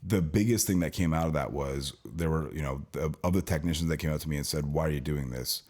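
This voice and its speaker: In an extremely low, darkish voice, a California man rapidly unloads about working in a dealership's service department. He co-hosts the casual podcast and keeps restarting his lengthy story.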